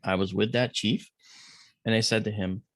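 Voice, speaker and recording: A man's voice: fairly low pitch, steady tone, moderate pace, a bit bright, no echo, clean studio sound. A middle-aged man as a podcast guest, telling a story in casual conversation and acting out the voices of the people in it.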